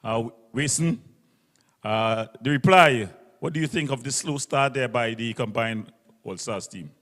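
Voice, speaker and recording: A man's voice: medium pitch, fairly bright tone. Male cricket commentator with reverb. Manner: brisk, describes field placings, self-corrects. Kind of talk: live ball-by-ball commentary. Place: local cricket ground broadcast.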